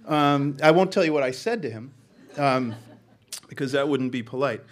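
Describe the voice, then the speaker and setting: A middle-aged man from Boston, a newspaper journalist, telling a personal story to a panel in an earnest, halting way with many ums and restarts. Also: a little high.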